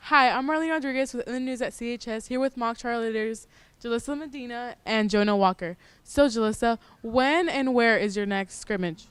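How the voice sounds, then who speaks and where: A teenage girl reports from the field for a student news show, asking polite, simple questions. Her voice is clean and a little high, recorded dry and close. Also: a little fast, clear, resonant tone, dry recording. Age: teens. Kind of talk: interview.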